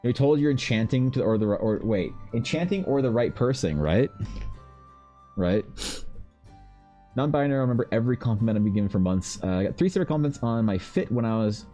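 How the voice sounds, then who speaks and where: A young adult man streams live and chats casually with viewers in a mid-range, mellow voice, talking fairly quickly with lively intonation. He rambles, swears freely, and calls everyone man or bro. Faint music plays behind him.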